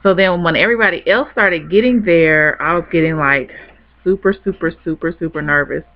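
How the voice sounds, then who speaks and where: A woman's voice: fairly low pitch, a little fast. A young woman telling a personal story in a rambling, chatty way, laughing easily. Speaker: vlogger. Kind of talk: casual storytelling to camera. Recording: dull lo-fi webcam audio.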